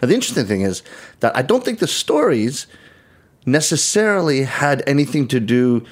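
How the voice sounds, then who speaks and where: In a conversational podcast interview, a middle-aged man appearing as a guest storyteller explains things thoughtfully, often restarting his sentences. His mid-range voice is sing-song, at a moderate pace.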